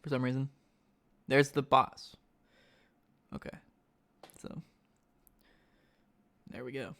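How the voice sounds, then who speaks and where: A man giving live-stream commentary on a card game tournament, excitable and thinking aloud, often asking his chat questions. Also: medium pitch, slow, gravelly.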